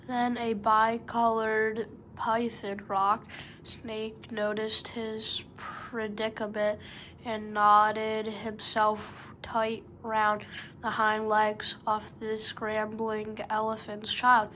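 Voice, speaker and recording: A woman's voice: a little high, monotone, very slow, sharp tone, a little hiss or hum, low-quality recording. A woman storyteller narrating a children's story, calling the listener "best beloved".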